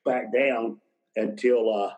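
A man's voice: medium pitch, steady tone, slow pace, darkish tone, lo-fi sound. An older man, a retired wrestler, telling rambling road stories in a casual interview and chuckling as he goes. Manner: rambling anecdotes, chuckles mid-sentence.

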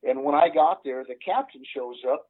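An older man, a retired police sergeant, telling a story in an interview in an earnest, halting way with many "uh" fillers. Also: on the high side. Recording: tinny phone line.

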